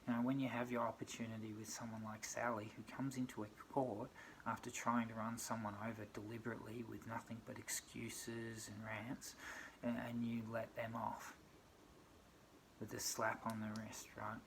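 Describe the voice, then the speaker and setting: A middle-aged Australian man speaking in a gravelly voice that stays flat in pitch. He rants with frustration and throws out one rhetorical question after another, with a faint hiss of noise behind him. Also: moderate pace, low-quality recording. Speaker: vlogger. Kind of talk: aggrieved personal rant.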